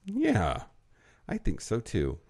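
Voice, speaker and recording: A man co-hosting a podcast in casual, playful, animated banter. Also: medium pitch, slow pace, creaky, husky. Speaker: podcast co-host. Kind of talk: casual chat.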